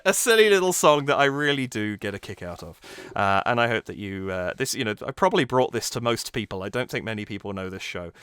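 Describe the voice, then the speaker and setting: On his own channel, a male host reacts to a song and dissects a lyric, talking casually about musical theatre with enthusiastic, analytical energy and frequent restarts. His medium-pitched voice is sharp yet smooth, heard in a dry recording with clean studio sound.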